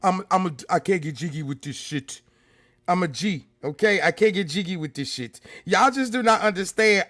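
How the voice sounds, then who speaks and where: Bright-voiced emotional woman livestreamer. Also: on the low side, lively intonation, normal speed. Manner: emotional, swings from loud exclamations to soft near-whispers; talks straight to chat, greeting viewers by name. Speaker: YouTube livestream host. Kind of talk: casual livestream chat with viewers.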